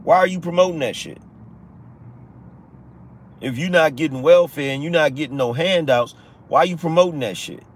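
Man ranting heatedly, fairly high voice. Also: moderate pace, long pauses. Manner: heated, preachy, repeats lines for emphasis, profane. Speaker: political podcast host. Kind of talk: live-stream rant.

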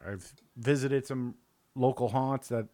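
This Northwest Indiana podcast co-host has a Chicago accent and an unhurried, mid-range voice captured without echo. He keeps the beer-tasting chat casual and animated, wandering into enthusiastic plugs for local restaurants.

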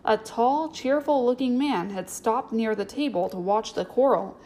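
A woman's voice: fairly high pitch, normal speed, low-quality recording. Woman reading a storybook aloud. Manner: steady, clear storytelling. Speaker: narrator.

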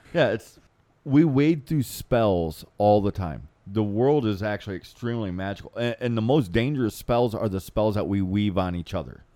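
A man's voice: lowish voice, lively intonation, moderate pace, warm tone, dry recording. A man co-hosting an unscripted chat, joking and loose with casual grammar. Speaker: podcast co-host.

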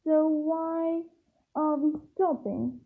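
A woman reading aloud voices a brisk, sensible teenage schoolgirl who talks in a matter-of-fact way. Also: high voice, exaggerated voice. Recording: tinny phone-like sound.

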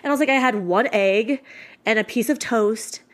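A woman's voice: fairly high pitch, moderate pace. A woman in her late twenties in candid, casual chat, swearing freely and filling her talk with "like". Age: 20s.

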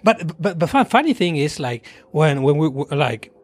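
A man who is a guest on a podcast, telling stories about his family in an animated, self-mocking way with frequent laughter. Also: on the high side, normal speed. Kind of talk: casual podcast chat.

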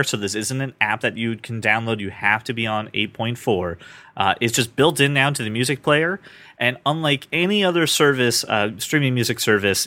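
A man's voice: mid-range voice, sharp tone, no echo. Chatty man hosting a podcast, dry sound. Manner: chatty, rambling, self-deprecating. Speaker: podcast host. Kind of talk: casual podcast chat.

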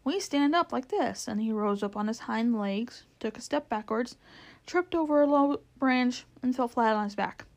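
A woman reading a children's storybook aloud, lively and expressive. Her voice sits slightly high. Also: moderate pace, poor audio. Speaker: narrator.

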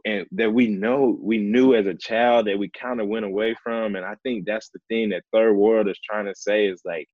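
A young man with a very low, deep voice tells a personal story in an easygoing, heartfelt way, peppering his speech with "like" and "man." The sound is dry and a little dull, as if recorded close to the mic with a muffled, lo-fi tone. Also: dry recording. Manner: relaxed, earnest, heavy use of "like" and "man". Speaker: professional baseball player as guest. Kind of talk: casual storytelling in conversation.

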